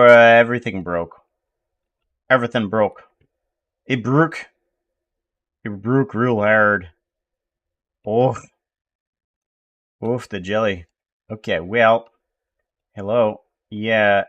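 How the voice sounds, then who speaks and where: An American man streaming live, rambling to himself in casual chatter as he tries to fix his software. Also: lowish voice, fairly even intonation, muffled recording. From United States. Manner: mutters to himself while fixing software, slow and rambling.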